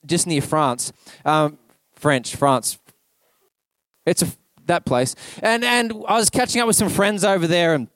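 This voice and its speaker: High-voiced Australian preacher, chatty. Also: male voice, no room sound. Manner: chatty storytelling, peppered with "like". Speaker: pastor. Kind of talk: casual conversational sermon. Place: church.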